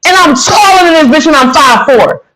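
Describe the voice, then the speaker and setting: Woman, high voice, heated rant, cursing, combative, repetitive. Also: animated, moderate pace, noisy background. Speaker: guest on a live stream.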